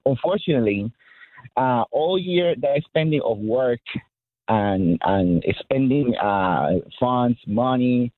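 Male caller, accented English, halting and emotional, tinny phone line, very dry. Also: mid-range voice, animated, no room sound. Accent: non-native English. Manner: halting, emotional, many restarts. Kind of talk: call-in radio conversation.

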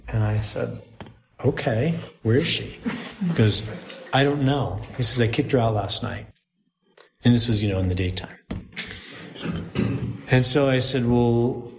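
A man's voice: lowish voice, gravelly, a little hiss or hum. A man, a priest, telling a story to a group in a chatty, anecdotal way and laughing at his own jokes.

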